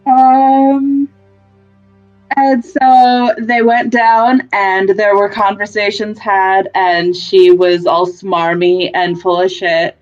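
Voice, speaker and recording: A woman's voice: mid-range voice, little pitch movement, slow pace, dull audio, soft background music. A woman casually recapping a tabletop game session, rambling, swearing and laughing as she goes. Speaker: player giving a session recap.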